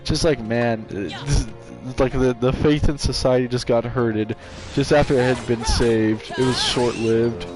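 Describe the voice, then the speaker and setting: A man's voice: medium pitch, fairly even intonation, normal speed, hardly any pauses. Rambling male streamer over game music. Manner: rambling, frequent restarts and fillers. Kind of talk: casual storytelling chat. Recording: game music playing behind. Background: video game music.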